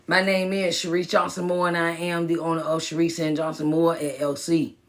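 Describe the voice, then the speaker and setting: Woman, motivational speaker and minister, gravelly, casual and repetitive, phone live stream. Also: lowish voice, little pitch movement, fairly quick. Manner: casual, repetitive, greets viewers by name. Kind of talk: live-stream pep talk.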